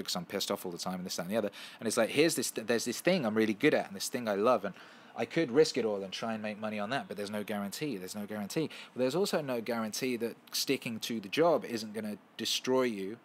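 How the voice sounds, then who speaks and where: Profane, animated man streaming. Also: on the low side. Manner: profane, animated, with frequent restarts and fillers. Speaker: livestream host answering viewer questions. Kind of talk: casual livestream chat.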